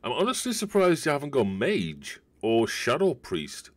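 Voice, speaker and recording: His pitch swoops wildly around a medium register at normal speed as this man streams a video game. He chats with viewers in a rambling, casual way while he plays, offering relaxed gameplay commentary.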